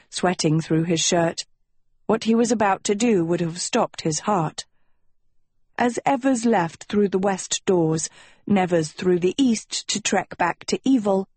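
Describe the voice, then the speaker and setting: A woman narrating a storybook in a measured, even way. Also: medium pitch, husky, no echo. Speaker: audiobook narrator. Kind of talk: scripted narration.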